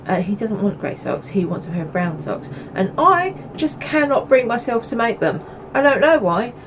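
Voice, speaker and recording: In this casual to-camera knitting podcast, the woman from Essex, England speaks a little high with big pitch swings at a moderate pace, wandering through ums and asides. Sound is lo-fi with background noise.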